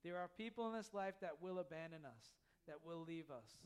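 A man's voice: on the high side, lively intonation, moderate pace, clear, resonant tone. A man preaching a sermon in church, earnest and full of repetition. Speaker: pastor.

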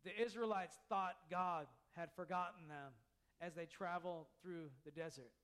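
A man's voice: high-pitched, steady tone, normal speed, fairly bright tone, smooth. A man preaching a sermon in church, earnest and full of repetition. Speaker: pastor.

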